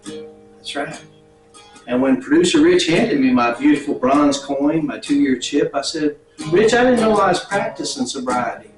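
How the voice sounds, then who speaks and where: A man's voice: a little high, animated, measured pace. A man performing stand-up comedy in a mock-preacher style, breaking into song over guitar. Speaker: comedian guest. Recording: roomy, a little distant from the mic, with guitar.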